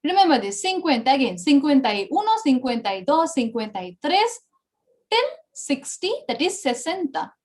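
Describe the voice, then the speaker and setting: A high-pitched woman with an Indian English accent leads an online Spanish lesson over a computer mic. She drills numbers patiently, repeats each one and heaps encouragement on her students. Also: sing-song, moderate pace, a little mellow. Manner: encouraging, repeats and praises often. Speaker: Spanish language teacher. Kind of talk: online language class.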